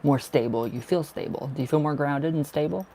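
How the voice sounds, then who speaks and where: A man's voice: on the high side, fairly quick, dark tone, slight background noise. A man giving tarot card readings on a casual livestream, affectionate and gushing, laughing often as he chats to viewers. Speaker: tarot reader.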